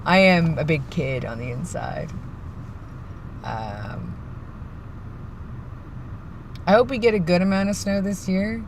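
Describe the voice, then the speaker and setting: A vlogger from the East Coast talks to a phone camera from inside a parked winter car, chilled and short on sleep. The chat rambles loosely, at a mid pitch, and now and then drops into hushed, half-mumbled asides. A faint engine and car hum sits behind the voice. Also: measured pace, vocal fry. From East Coast of Canada. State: cold and tired, yawning. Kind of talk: casual vlog chat.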